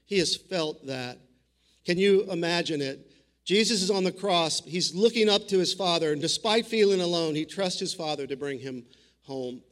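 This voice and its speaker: A man's voice: on the high side, moderate pace, a bit bright. A man preaching a sermon in an earnest, conversational way, often restarting his sentences. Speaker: pastor.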